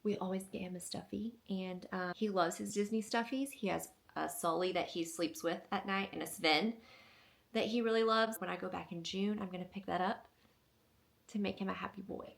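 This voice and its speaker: A woman's voice: mid-range voice, fairly even intonation, moderate pace, creaky. A young woman hosting a casual haul video at home, bubbly and gushing, with many fillers. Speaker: vlogger.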